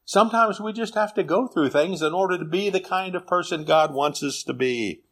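Man preaching, earnest, measured, fairly high voice, bright and forceful. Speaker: pastor. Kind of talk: sermon.

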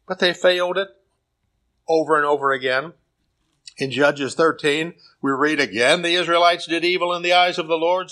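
A high-pitched American man delivering a sermon. He presses his points with emphatic, rising questions. When he reads scripture, his voice falls low and soft. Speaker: preacher.

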